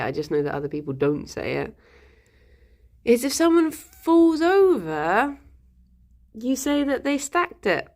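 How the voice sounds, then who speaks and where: A woman's voice: medium pitch, darkish tone. A young woman from Hertfordshire with a Hertfordshire English accent, chatting casually on a livestream, rambling with lots of ums and little laughs. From Hertfordshire, England. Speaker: streamer.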